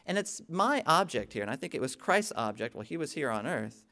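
A middle-aged man delivers a sermon in a slightly higher voice, talking to his congregation as if in conversation. He often checks in with them and pushes up into emphatic, lifted peaks before easing back down. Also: very animated, brisk, sharp tone. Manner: frequent "okay?" check-ins with the congregation. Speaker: pastor.

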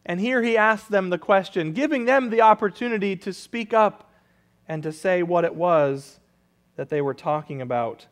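A man's voice: high voice, normal speed. A man preaching a sermon, reading a rhyming children's story aloud before turning to conversational teaching. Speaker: pastor.

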